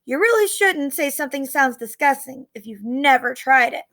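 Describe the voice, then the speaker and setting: A woman's voice: sits high, lively intonation, normal speed, sharp tone, full character voice. A woman voicing a polite, sensible young schoolgirl in a read-aloud storybook. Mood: reasonable.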